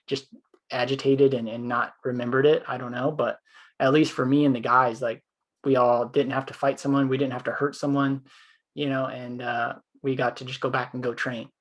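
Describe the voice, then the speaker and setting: A man co-hosting a podcast, telling a long story in casual conversation, rambling with fillers. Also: mid-range voice. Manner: former police officer. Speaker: podcast co-host.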